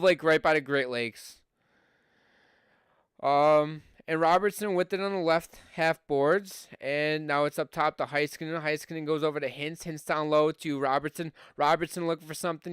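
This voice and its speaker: A man's voice: on the high side, fairly even intonation, normal speed, fairly bright tone, clear, resonant tone, no room sound, studio quality. A young man from Buffalo with a Western New York accent, a podcast host doing casual live hockey play-by-play on a stream, chatty with fillers and rising on scoring chances.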